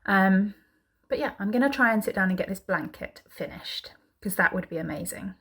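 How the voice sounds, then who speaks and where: A woman's voice: mid-range voice, expressive, moderate pace. A woman chatting casually to camera in a home vlog, rambling along with lots of ums. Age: adult mother. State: out of breath. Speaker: vlogger.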